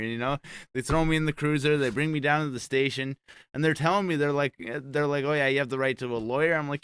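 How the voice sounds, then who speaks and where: A man, telling a long story on a podcast in a casual, profane, animated way, acting out what others said. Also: fairly high pitch, smooth, no room sound. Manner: profane, animated, quick retelling with acted quotes.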